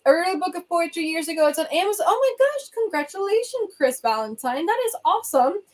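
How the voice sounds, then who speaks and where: A young woman from Venezuela with a Venezuelan accent, Spanish her first language, talks in a bubbly, chatty way on a casual livestream. Her voice sits fairly high. She speaks into a phone from a reading corner in her home. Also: sing-song. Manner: bubbly, chatty, quick asides and laughs. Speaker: livestream host.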